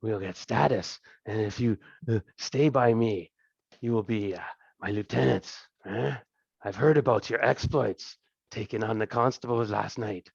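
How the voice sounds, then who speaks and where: A man voicing a huge, greedy thieves' king who drawls his plans slowly and tacks on a sly "eh?", on a dull, dry lo-fi recording. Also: on the low side, gravelly, breathy edge, no room sound, full character voice. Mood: scheming. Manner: oily, drawling, with chuckles and "eh?".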